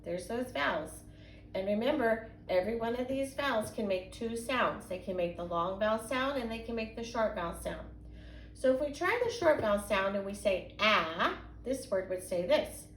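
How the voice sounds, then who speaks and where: A young woman teacher gives a phonics lesson from home to young children, patiently sounding out words slowly in a sing-song way. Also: fairly high pitch, expressive. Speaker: kindergarten and first grade teacher. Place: home, indoors. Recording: echoey room with faint background hum.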